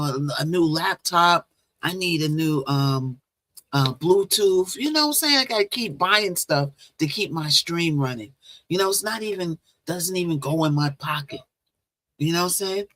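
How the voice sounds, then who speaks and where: A woman's voice: lowish voice, animated, normal speed, a bit bright. A woman hosting her own livestream, telling a long dream story in a rambling, chatty way and greeting viewers as she goes. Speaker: livestream host. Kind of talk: casual live-stream storytelling. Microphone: phone or laptop with Bluetooth.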